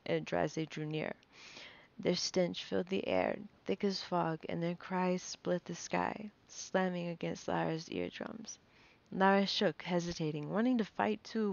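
A woman's voice: lowish voice, creaky. A woman reading a fantasy novel aloud, nervous and often stumbling over and restarting words, on a dull lo-fi recording. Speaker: reader.

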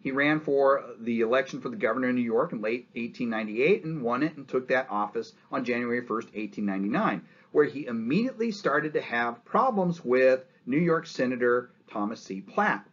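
A man's voice: mid-range voice, lively intonation, a little fast, dull audio. A man giving a conversational college history lecture, often checking in with "right?" and acting out quotes in changed voices.

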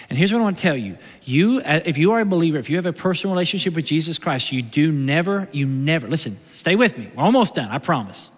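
A male pastor preaching a conversational sermon, moving from loud bursts to hushed, slow lines, recorded live in a church sanctuary. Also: high-pitched, big-room sound.

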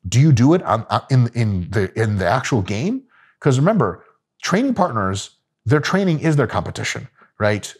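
A man's voice: medium pitch, big pitch swings, normal speed, darkish tone, breathy edge. A man giving casual, profane, joking coaching talk about gym training. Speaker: fitness coach.

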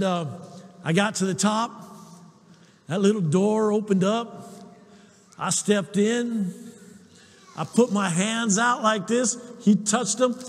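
A man preaching a sermon, telling personal stories in an animated way and chuckling often. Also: high voice, in a large hall. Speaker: pastor.

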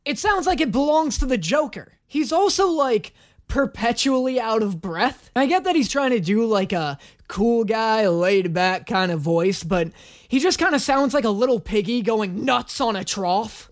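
A woman hosting a comedic reaction video, talking in a sarcastic, animated and profane way. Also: a little high, moderate pace.

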